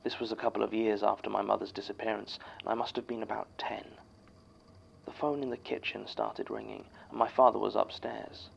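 A man playing an archivist who reads a written statement aloud in scripted horror narration, measured and somber. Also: fairly low pitch, fairly even intonation, creaky, lo-fi sound, a little hiss or hum.

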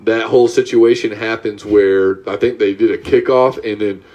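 A man's voice: on the low side, steady tone, normal speed, a little mellow, highs cut off. A man from Georgia hosting a podcast, telling a sports story in a laid-back, casual way. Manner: laid-back, says "dude" and "right?" often. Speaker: podcast host. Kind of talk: casual chat.

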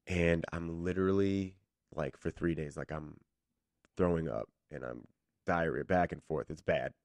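A man's voice: low-pitched, unhurried, no room sound. A man, an actor guest on a radio show, telling stories casually and acting out the voices of the people in them. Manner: animated, acts out quoted voices. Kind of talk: casual storytelling.

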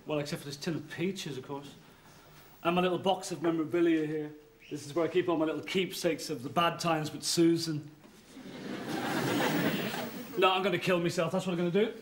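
A man's voice: fairly high pitch, fairly even intonation, brisk, long pauses, background noise. A man in a sitcom, rambling to himself in wry, self-pitying comic monologues. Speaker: sitcom lead.

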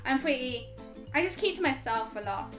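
Over music, a woman gaming YouTuber speaks at a moderate pace in a high, animated voice. Her casual Q&A vlog has her chatting through viewer questions with lots of giggles, laughs, and ums.

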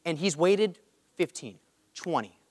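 A man's voice: a little high, lively intonation, a little slow, darkish tone. Man preaching in a reverberant hall. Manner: earnest, calls for amens from the crowd. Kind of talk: storytelling sermon. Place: church hall. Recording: long reverb of a large hall.

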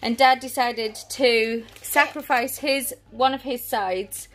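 A woman's voice: fairly high pitch, fairly even intonation, slow. A woman in her thirties chatting casually through a grocery haul at home, rambling and trailing off as she goes. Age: 30s. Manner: chatty, rambling, often trails off mid-sentence. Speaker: family vlogger. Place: family home, indoors.

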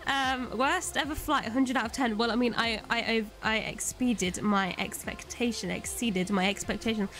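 A woman's voice: on the high side, normal speed, few pauses, fairly bright tone, soft background music. Hesitant woman streamer, lots of ums. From Italy. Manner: hesitant, many ums and restarts. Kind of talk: casual live-stream chat while gaming.

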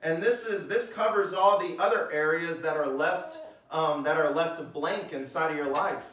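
A man with a fairly high voice preaches in a relaxed, talky way, firing rhetorical questions at his listeners. He sounds set back from the microphone, and the church hall rings with heavy echo around him. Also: moderate pace. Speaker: pastor. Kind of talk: sermon. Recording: echoey room, mic at a distance.

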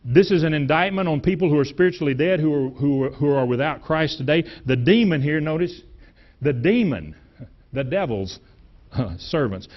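A middle-aged man preaching a sermon in a church, with emphatic delivery, restarts and repeated words, and sudden loud rises. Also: a little high, expressive, moderate pace, lo-fi sound. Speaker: pastor. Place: church sanctuary.

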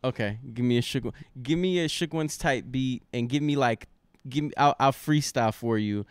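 A man guesting on a comedy podcast, telling stories in a rambling, deadpan way. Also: medium pitch, normal speed, clear, resonant tone, no echo. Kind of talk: casual comedy podcast banter.

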